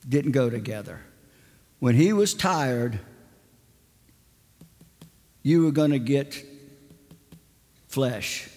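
A man preaching a sermon in a large church, telling a family story in a slow, dramatic way. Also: medium pitch. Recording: long church reverb.

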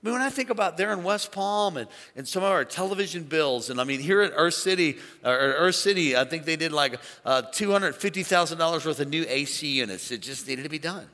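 Male pastor preaching a lively sermon, bright, slightly high voice, long reverb of a large church. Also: fairly quick, hardly any pauses. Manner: animated preaching, calls for congregation to shout.

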